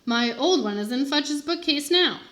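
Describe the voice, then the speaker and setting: A woman teacher reads a children's chapter book aloud to her class. Her narration is expressive and animated, her voice somewhat high. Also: normal speed. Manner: expressive first-person narration. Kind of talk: storybook read-aloud for children.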